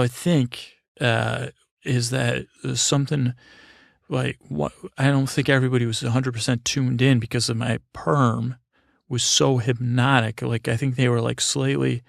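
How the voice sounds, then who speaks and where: A man telling an improvised, absurd bedtime story in a halting, deadpan way full of fillers and restarts. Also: medium pitch, creaky, no echo, studio quality.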